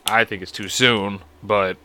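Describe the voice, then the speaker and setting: A man's voice: on the low side, fairly even intonation, measured pace, bright, forceful tone. A man hosting a podcast alone, rambling in a crude, profane, self-mocking way. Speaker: podcast host. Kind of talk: casual solo podcast chat.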